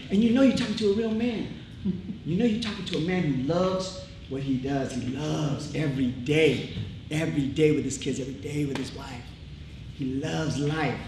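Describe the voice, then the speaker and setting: A middle-aged man speaks from a theatre stage in a casual, heartfelt way, hammering his points with repetition. The hall rings with echo, and a steady live-room noise sits under him. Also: a little high, brisk. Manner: emphatic, repetitive, casual street talk. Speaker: speaker at a tribute show.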